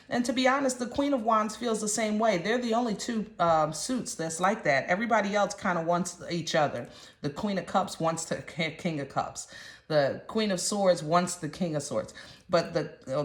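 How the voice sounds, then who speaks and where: A woman's voice: medium pitch, moderate pace. A woman giving a casual tarot reading in a chatty, slangy, emphatic way. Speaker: tarot reader. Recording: roomy echo.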